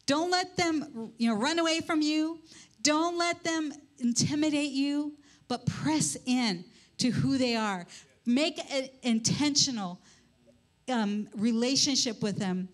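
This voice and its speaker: A woman's voice: sits high, takes it slowly. An older woman speaking to a church group, telling a personal story with lots of restarts and acted-out quotes. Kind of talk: storytelling talk to a congregation.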